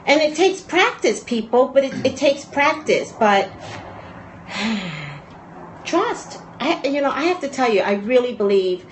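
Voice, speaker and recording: Chatty, animated woman talk host. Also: sits high, normal speed, a little hiss or hum, poor audio. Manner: rambling, chatty, laughs often. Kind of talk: casual chat.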